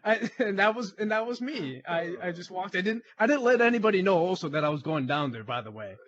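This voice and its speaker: Animated man telling a story, lo-fi sound. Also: high voice, fairly quick. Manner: animated, laughs often, acts out quoted dialogue. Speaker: crime analyst guest. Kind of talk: casual storytelling in an interview.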